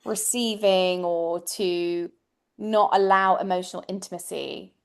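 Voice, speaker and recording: A woman's voice: lowish voice, a little slow, gravelly, clean tone. A woman astrologer, a guest on a podcast, speaking reflectively in casual chat and often restarting her thoughts.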